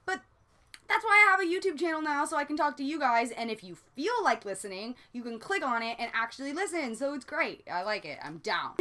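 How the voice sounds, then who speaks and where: Her voice is on the high side and a bit bright. She's a vlogger in her twenties with a Southern Californian accent, rambling confessionally in a casual way, with plenty of "like" and casual swearing.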